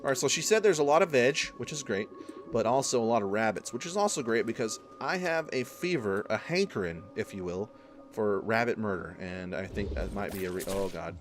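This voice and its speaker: A man's voice: lowish voice, lively intonation, moderate pace, noisy background. A man commenting on a playthrough in a profane, joking way as the gaming host. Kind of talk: let's play commentary.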